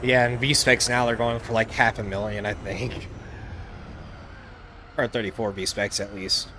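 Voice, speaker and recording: A man's voice: fairly low pitch, a little slow, a little hiss or hum. Casual man chatting on a game stream. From United States. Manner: relaxed, rambling, with many filler likes. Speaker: livestream gaming host. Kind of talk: casual live-stream chat while playing.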